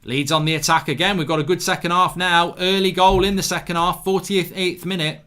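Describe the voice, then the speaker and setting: A man's voice: high-pitched, level tone, a little fast, pushed and bright, smooth. A man hosting a live football watchalong, calling the action, cheering goals and reading viewer comments aloud in casual chat. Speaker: watchalong host.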